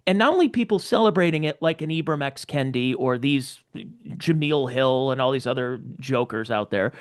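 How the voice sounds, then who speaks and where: A man hosting a podcast interview, talking in a rambling way with stammering restarts. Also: fairly high pitch. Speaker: podcast host.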